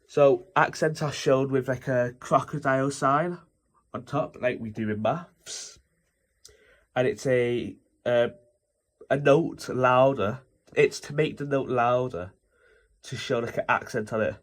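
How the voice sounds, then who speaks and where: Slow-talking young man explaining music theory. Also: medium pitch. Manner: rambling, lots of fillers and self-corrections. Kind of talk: casual informal lesson explaining notation.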